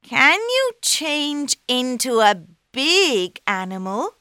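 A woman voicing a clever male talking cat in a storybook, high-pitched and excitable. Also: slow, clear, resonant tone, dry recording, clean studio sound, exaggerated voice. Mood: eager. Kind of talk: storybook reading.

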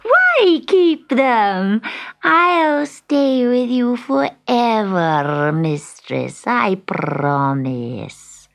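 Woman voicing a high, doting witch's cat. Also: very animated, very slow, creaky, muffled recording, exaggerated voice. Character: fussing, devoted witch's cat. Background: music.

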